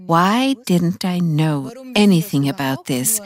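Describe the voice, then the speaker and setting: A woman's voice: on the low side, expressive, slow. A woman presenting a religious program, reading scripture and reflecting earnestly on it.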